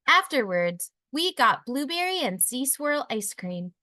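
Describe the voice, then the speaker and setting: Bright, expressive woman storyteller. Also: high voice, unhurried, hardly any pauses, no room sound. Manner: expressive, animated. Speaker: children's book reader. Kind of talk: read-aloud storytelling.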